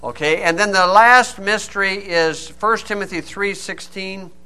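A man preaching a sermon, stressing key words loudly and dropping to quiet asides. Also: high voice, a little slow, clean tone. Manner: emphatic, swings from loud stresses to quiet asides.

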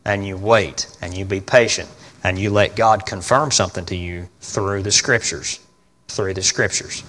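A man preaching a sermon in a folksy, emphatic way, often asking his congregation questions and swinging between loud and quiet delivery. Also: deep voice, steady tone, moderate pace. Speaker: pastor. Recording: long reverb of a large hall.

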